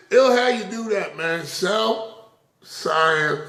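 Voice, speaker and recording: A man's voice: a little high, very animated, drawn-out words, bright, forceful tone. Man, casual rambling talk, frequent chuckles, roomy echo. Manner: rambling, chuckles often between phrases. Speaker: vlogger. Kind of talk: casual spiritual talk to camera.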